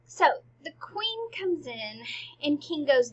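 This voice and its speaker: A woman teaching a play in a chatty, informal way, often dropping into quiet, half-whispered asides. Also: high voice, sing-song, slow pace, rough recording. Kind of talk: casual lesson.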